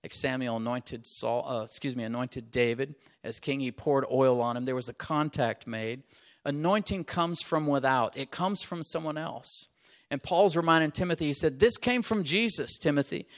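A man preaches to his congregation, mid-pitched and steady in his ordinary talk. He breaks off to ask for an amen or to have the room repeat a phrase, and he leans hard on the key words. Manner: call-and-response asides, punches key phrases. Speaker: pastor. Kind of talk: sermon.

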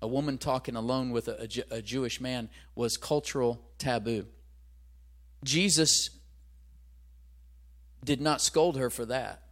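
A man delivers a sermon in an easygoing, conversational tone, speaking at a middle pitch for a man. He keeps turning to his listeners with rhetorical questions. When a reference slips his mind he hunts for it out loud and starts his sentence over. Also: unhurried, long pauses. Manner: searches aloud for references, restarts. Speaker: pastor.

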